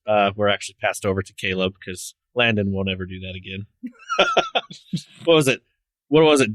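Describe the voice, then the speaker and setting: A man's voice: mid-range voice, a bit bright, no echo, clean studio sound. A man hosting a tech podcast, chatting casually, laughing often and joking with his co-hosts. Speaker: podcast host. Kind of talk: casual chat.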